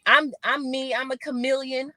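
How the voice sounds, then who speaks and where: A woman's voice: high voice, moderate pace, no echo. A woman in her forties from Arizona, a former sprinter, telling stories in a casual podcast interview, acting out quotes. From Phoenix, Arizona, USA. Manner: animated storyteller, acts out quotes. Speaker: guest, former Olympic sprinter.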